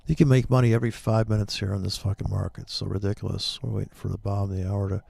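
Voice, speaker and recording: A man's voice: on the low side, flat delivery, very fast, vocal fry, darkish tone, dry recording. A middle-aged man hosting a trading livestream, ranting in casual, heavily profane chat.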